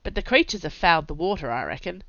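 A woman's voice: on the low side, big pitch swings, quick pace, a bit bright, highs cut off. A woman voicing a cocky, restless young male warrior who talks in brash, teasing outbursts. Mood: breezy.

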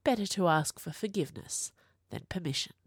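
A woman's voice: on the low side, animated, a little fast, breathy edge, dry recording. A brash young witch, teasing and emphatic, her voice leaping up and down, as a woman narrator plays her. Close and dry, with no room sound. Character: brash young witch, sharp-tongued, fiercely loyal.

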